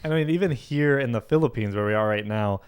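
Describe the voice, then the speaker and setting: Smooth-voiced man chatting casually. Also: mid-range voice, fast, a little mellow. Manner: jokey, breaks into mock accents. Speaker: reaction channel host. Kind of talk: casual reaction chat.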